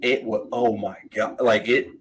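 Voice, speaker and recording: A man comedian chatting casually on a podcast, telling a story with quick asides and laughs. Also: fairly low pitch, flat delivery, husky, rough recording.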